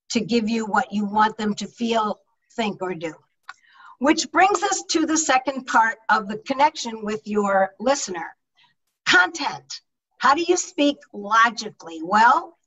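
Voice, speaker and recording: A middle-aged woman, a public speaking coach, teaching an online leadership talk with energetic, emphatic delivery over a video call microphone. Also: fairly high pitch, far from the mic, low-quality recording.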